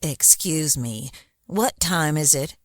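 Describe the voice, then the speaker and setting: A man voicing a tall, pale, nosy woman passenger on a late-night train, speaking slowly and overly sweetly. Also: fairly high pitch, lively intonation, no room sound, clean studio sound, voice pushed up. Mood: sweetly prying. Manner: slow, prying, overly sweet.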